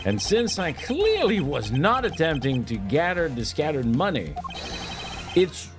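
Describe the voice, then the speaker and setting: A man voicing a composed, formal male prosecutor in a low, measured, precise tone while reading game dialogue. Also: huge pitch swings, over music.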